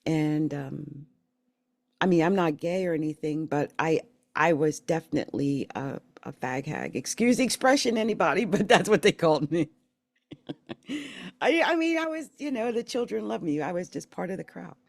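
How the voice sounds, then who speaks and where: A middle-aged woman from the Philadelphia area telling her life story in a candid, emotional, rambling way, with halting restarts. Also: sits low, animated, vocal fry, no room sound. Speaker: channel host sharing her life story. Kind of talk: personal storytelling monologue.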